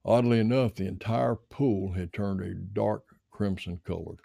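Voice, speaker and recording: A man reading a story aloud in steady storytelling narration. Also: lowish voice, measured pace, creaky, dry recording, clean studio sound.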